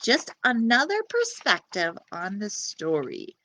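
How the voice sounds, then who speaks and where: Animated woman reading to kids. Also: medium pitch, takes it slowly, a little hiss or hum. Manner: animated, expressive, talking directly to kids. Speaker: children's librarian. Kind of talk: children's storytime reading aloud.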